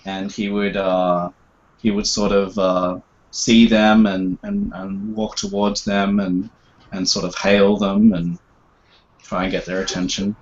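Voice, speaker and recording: A man talks through his character's actions slowly, stopping often. His voice is low. It comes over a dull, lo-fi voice chat. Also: creaky. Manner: slow, halting. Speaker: player. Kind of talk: casual tabletop play.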